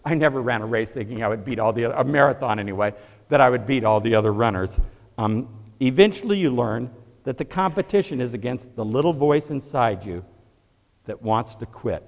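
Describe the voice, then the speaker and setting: A man preaching a sermon to his congregation, moving from quiet reflection to rising, fervent emphasis. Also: medium pitch, lively intonation, brisk, long reverb tail. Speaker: pastor. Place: church sanctuary before a congregation.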